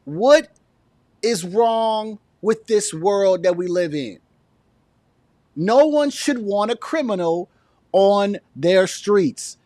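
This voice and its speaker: A man's voice: high voice, animated, slow, darkish tone, no room sound. A man giving a political commentary rant as a vlogger, sounding indignant and sarcastic.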